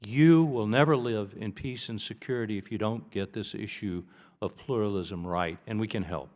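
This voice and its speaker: Man, from the United States, expert witness, low voice, emphatic, deliberate, reverberant hearing room. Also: a little mellow. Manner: deliberate, emphatic argument with some restarts. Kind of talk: congressional testimony.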